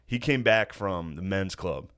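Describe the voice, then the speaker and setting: A man's voice: sits low, lively intonation, measured pace, a bit bright. A man in casual podcast chat, telling stories about his family in a profane, laughing way. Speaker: podcast guest.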